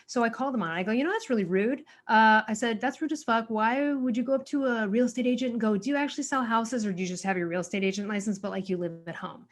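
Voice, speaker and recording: A woman hosting a podcast, telling a story candidly with swearing and agreeing warmly with her guest. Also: on the high side. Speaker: podcast host. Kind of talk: casual podcast conversation.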